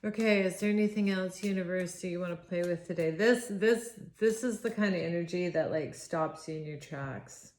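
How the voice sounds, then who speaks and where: A woman giving a spontaneous tarot reading, awed and halting, with frequent sighs and restarts. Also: lowish voice, darkish tone. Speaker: tarot reader. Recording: roomy echo with faint noise.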